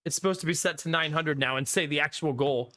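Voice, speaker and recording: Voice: mid-range voice, fast, sharp tone, dry recording. A streamer chatting casually with viewers on a live stream, laughing often and thanking supporters.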